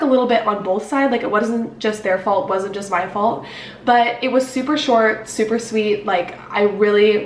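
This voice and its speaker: A woman's voice: mid-range voice, distant mic, slight background noise. A young woman in her twenties telling a story on her vlog in a casual, upbeat way, with lots of "like" and fillers. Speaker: beauty vlogger. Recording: roomy echo, slightly off-mic, faint ambience.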